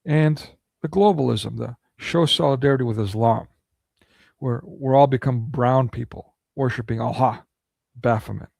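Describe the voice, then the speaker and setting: Gravelly man ranting indignantly. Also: mid-range voice, normal speed, a little mellow, no echo. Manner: indignant, full of rhetorical questions. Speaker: political commentary vlogger. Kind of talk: ranting monologue commentary.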